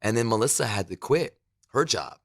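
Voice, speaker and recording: A man's voice: lowish voice, expressive, brisk, gravelly, a bit bright, dry recording. Man spinning loose stories in a dry studio. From New Jersey. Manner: loose storytelling with swearing and quoted asides. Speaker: podcast guest, radio host. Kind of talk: casual interview chat. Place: his broadcast studio.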